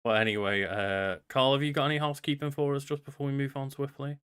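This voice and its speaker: A man's voice: medium pitch, fairly even intonation, fast talker, a bit bright, smooth, dry recording, clean studio sound. A man co-hosting a podcast in rambling, sweary casual chat full of fillers. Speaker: podcast co-host.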